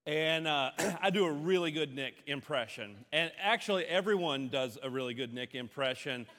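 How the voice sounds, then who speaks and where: A man preaching a sermon as the pastor, telling a story and slipping into low, weary impressions between bright, emphatic stretches. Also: lively intonation, normal speed, big-room sound.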